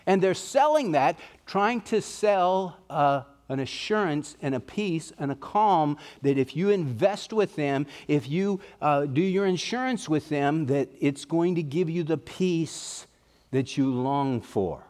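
A man's voice: on the high side, lively intonation, slow, a little mellow. A middle-aged man preaching a sermon in a folksy, conversational way, telling personal stories.

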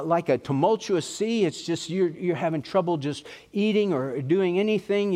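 A man's voice: sits high, darkish tone. A male pastor with an East Texas accent preaching a sermon, earnest and pleading, with rising and falling emphasis.

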